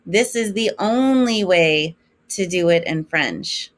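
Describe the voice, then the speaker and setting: A woman teaching a French lesson in English, slowly modeling each French form for her students to repeat. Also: fairly low pitch, expressive. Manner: slow, clear modeling of French forms for repetition. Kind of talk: recorded classroom lesson.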